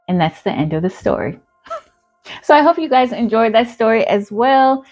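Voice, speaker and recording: A woman's voice: medium pitch, animated, moderate pace, darkish tone, soft background music. A woman telling a storytime in a casual, chatty way, full of fillers. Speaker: channel host.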